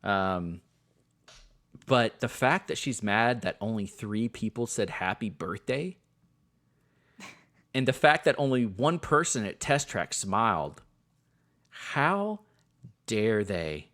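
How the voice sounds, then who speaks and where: A man co-hosting a podcast in casual chat, sarcastic and quick to laugh. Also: lowish voice, big pitch swings, fairly bright tone. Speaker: podcast co-host.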